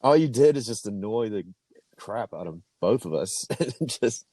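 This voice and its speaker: A man's voice: on the low side, lively intonation, moderate pace, warm tone, slightly rough, no room sound. A man co-hosting a podcast, riffing dry jokes in casual chat. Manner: dry joking, riffs on scenarios, chuckles. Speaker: podcast co-host.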